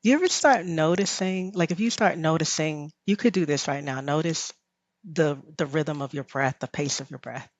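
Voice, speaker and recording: A woman's voice: deep voice, moderate pace, no echo, muffled recording. A woman with a Southern US drawl, a rest teacher and podcast guest, talking in a reflective, guiding way and laughing often. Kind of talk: podcast conversation.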